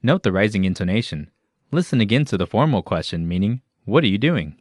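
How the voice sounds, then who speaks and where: Deep-voiced man narrating a lesson. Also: a little fast, no echo, studio quality. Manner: even, explanatory, announcer-like. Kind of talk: scripted instructional narration.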